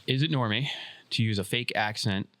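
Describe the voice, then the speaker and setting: A man co-hosting a casual podcast, talking bluntly and swearing freely as he thinks out loud. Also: lowish voice, normal speed. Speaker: podcast co-host.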